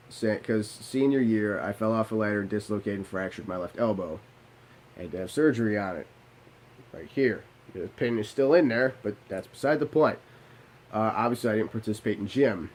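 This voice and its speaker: A man's voice: lowish voice, low-quality recording. A man in his late twenties telling a candid, self-deprecating story about his past in a rambling, profane vlog style, restarting his sentences often. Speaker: vlogger. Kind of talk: confessional storytelling.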